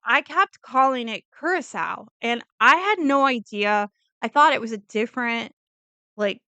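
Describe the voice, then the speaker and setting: A woman's voice: medium pitch, pushed and bright, clear, resonant tone, no echo. A woman casually recapping a true crime case, rambling and chatty with lots of fillers and restarts.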